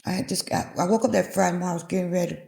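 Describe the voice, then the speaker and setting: A woman's voice: fairly low pitch, steady tone, rapid-fire, gravelly, dark tone. A woman in her fifties, a guest telling a personal story and acting out the voices in it. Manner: vivid retelling, acting out quoted dialogue. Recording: echoey room.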